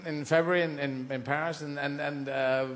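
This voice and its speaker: A man doing a rambling live stand-up routine, breaking off and restarting as he goes, with a slightly high voice. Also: fairly even intonation, normal speed, a little hiss or hum. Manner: rambling, self-interrupting, switching into voices. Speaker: stand-up comedian. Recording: echoey live venue with audience.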